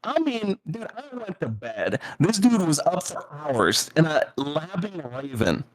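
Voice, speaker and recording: A young man, higher-pitched than most, spinning a casual tale with big jumps in his voice as he acts out what others said. He laughs his way through the best parts. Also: big pitch swings, measured pace. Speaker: podcast guest telling a tournament story. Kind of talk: casual chat.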